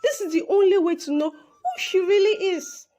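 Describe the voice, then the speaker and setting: A woman voicing a calm, self-assured young prince. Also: extremely high pitch, normal speed, voice pushed up. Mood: mischievous.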